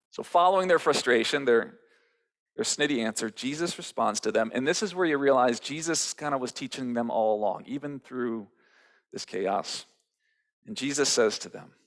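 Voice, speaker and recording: A man preaching a sermon in a relaxed, chatty manner, with a voice of average pitch. He retells a scripture story with easy, conversational phrasing and asks the listeners questions. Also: moderate pace. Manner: conversational storytelling, acting out quotes. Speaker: pastor.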